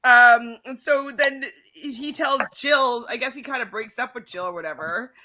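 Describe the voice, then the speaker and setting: A woman co-hosting a casual recap chat about a reality show, chatty and quick to laugh, often reading from her notes. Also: fairly high pitch, crowd noise.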